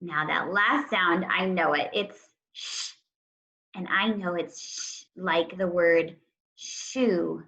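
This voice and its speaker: A woman teacher giving a writing lesson to young children. She speaks slowly and deliberately and stretches out the sounds of words. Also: lowish voice, pushed and bright, rough recording.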